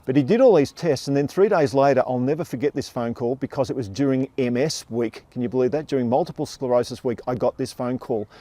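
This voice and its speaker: A man's voice: medium pitch, fast talker, hardly any pauses, mellow, no echo. An older man with an Australian accent telling his own life story on stage with wry, self-deprecating humour. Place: theatre stage before an audience.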